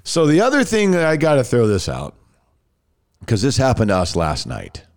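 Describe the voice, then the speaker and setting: A man's voice: medium pitch, huge pitch swings, normal speed, dry recording, studio quality. A man hosting a podcast, chatting casually and rambling with frequent restarts. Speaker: podcast host. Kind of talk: casual chat.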